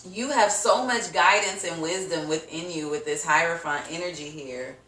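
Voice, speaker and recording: A woman's voice: on the low side, moderate pace, a bit bright, reverberant, recorded from a distance. A woman giving a casual tarot reading to her viewers, chatty and slangy, laughing often and acting out reactions. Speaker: tarot reader.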